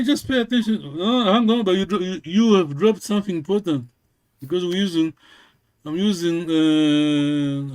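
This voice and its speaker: A man's voice: on the high side, darkish tone. A man teaching a language lesson, patiently correcting and repeating with many fillers.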